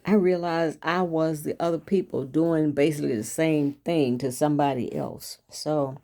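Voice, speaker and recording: Older lady, low gravelly voice, kinda mellow, chatty rambling storyteller. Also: fairly even intonation, moderate pace. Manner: folksy, chatty, repeats herself. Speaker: host and author. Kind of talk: casual storytelling monologue.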